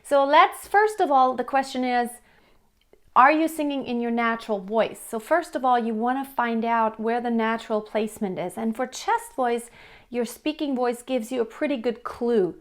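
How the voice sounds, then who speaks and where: A female vocal coach with a light, high speaking voice is teaching a singing lesson. Her explanations are straightforward, and she breaks into brief sung demonstrations to illustrate what she means.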